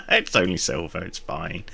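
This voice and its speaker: A man playing a tabletop game, easygoing and quick to laugh. His voice is low and bright, with a pitch that swings widely. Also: wildly swooping pitch, creaky, slightly rough. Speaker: player. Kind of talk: tabletop role-play chat.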